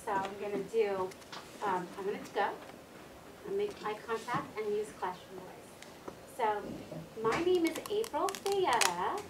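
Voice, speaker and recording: A woman teaching first graders, giving slow, clear instructions to the class. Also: medium pitch, expressive. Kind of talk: classroom lesson. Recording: echoey classroom, distant mic, noisy.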